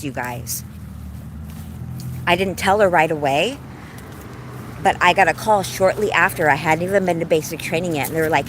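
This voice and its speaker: Woman, 40s, lower register, effusive heartfelt livestreamer on a walk, faint road noise. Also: moderate pace, long pauses. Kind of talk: casual livestream chat while walking. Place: outdoors on a walk.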